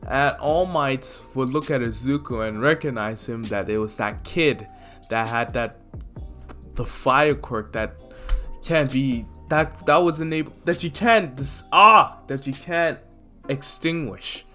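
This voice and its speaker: A man's voice: mid-range voice, slow pace. Casual young man telling a fan story. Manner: rambling, filler-heavy, relaxed. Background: faint lofi music.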